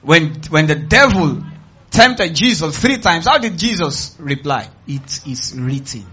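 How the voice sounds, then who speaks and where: A male pastor with a Nigerian accent delivering a sermon in church, emphatic and call-and-response, swinging from quiet asides to loud cries. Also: on the high side, big pitch swings, measured pace, husky, lo-fi sound.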